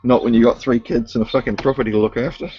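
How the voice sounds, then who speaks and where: A man's voice: mid-range voice, steady tone, quick pace, a little mellow, slightly rough, no echo. Joking, foul-mouthed man on lo-fi chat. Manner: joking, swears freely, rambling banter. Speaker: voice chat participant. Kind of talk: casual online voice chat. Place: at home. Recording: dull lo-fi online voice chat.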